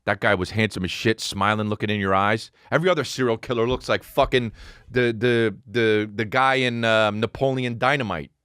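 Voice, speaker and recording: A man's voice: lowish voice, normal speed, fairly bright tone, clean tone, dry recording, studio quality. A male comedian and podcast host delivering a sarcastic, profane rant, slipping into mocking voices. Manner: sarcastic, swearing, mocking impressions.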